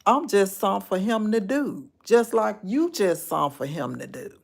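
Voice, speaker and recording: A woman's voice: mid-range voice, lively intonation, moderate pace, gravelly. A woman hosting a live stream, casually telling her viewers a personal story and repeating phrases for emphasis.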